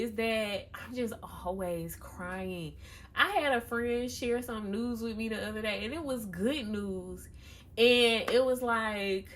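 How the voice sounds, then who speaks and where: A woman's voice: on the high side, takes it slowly, a bit bright, a little hiss or hum. A young woman talking candidly and confessionally in a casual personal vlog, chatting to her viewers. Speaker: vlogger.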